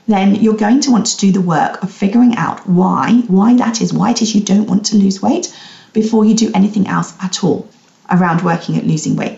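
Brief: woman podcast host, mellow and gravelly, calm coaching tone. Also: mid-range voice. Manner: gently guiding, asks the listener questions. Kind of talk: reflective solo podcast talk. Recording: roomy, slightly dull recording.

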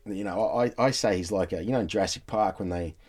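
Irish male host, deeper voice, relaxed and easygoing banter. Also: fast. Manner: relaxed, easygoing, joking about his own dog. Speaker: podcast host. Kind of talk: casual podcast chat.

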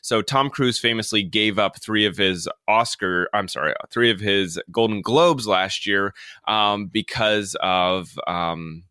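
A man co-hosting a casual celebrity news show, recapping stories and pausing with fillers to recall details. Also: fairly low pitch, pushed and bright, smooth, no room sound, clean studio sound. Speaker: co-host.

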